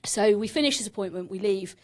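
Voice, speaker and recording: A woman's voice: medium pitch, fast, darkish tone. Woman, 30s, from England. Podcast guest sharing a raw personal story; frank and emotional, mid-range voice.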